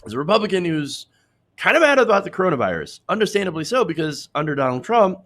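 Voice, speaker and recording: A man's voice: sits high, sing-song, fast, a bit bright. A man hosting a political commentary show, reading out posts and mocking them in a sarcastic, chatty way, laughing at his own jokes.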